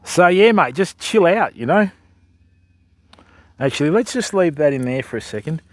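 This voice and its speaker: A man's voice: fairly high pitch, expressive, moderate pace, dry recording. A middle-aged man with an Australian accent, chatting casually and joking with viewers on a livestream. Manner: laid-back, joking, chatty. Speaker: fishing livestreamer.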